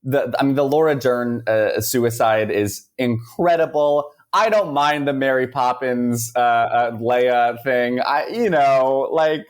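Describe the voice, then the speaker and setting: A man's voice: medium pitch, slow pace, hardly any pauses. A man being interviewed as a musical writer, speaking earnestly and casually with many fillers. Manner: enthusiastic, filler-heavy, earnest.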